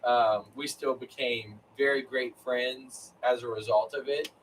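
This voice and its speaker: A man's voice: mid-range voice, steady tone, unhurried, far from the mic, a little hiss or hum, rough recording. A man chatting casually on a live stream, rambling with lots of fillers. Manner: rambling, filler-heavy storytelling. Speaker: co-host of a live chat. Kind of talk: casual chat.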